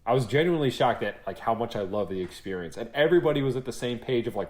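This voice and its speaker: A man's voice: mid-range voice, fast. A young man co-hosting a podcast, chatting casually and acting out what people said, with some swearing. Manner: animated storyteller, acts out quotes, swears freely. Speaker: podcast co-host. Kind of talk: casual chat.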